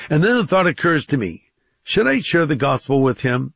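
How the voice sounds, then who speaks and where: A man who is a pastor, telling a lively first-person anecdote and acting out both sides of the dialogue. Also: fairly high pitch, moderate pace, faint music behind. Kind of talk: anecdote told on radio.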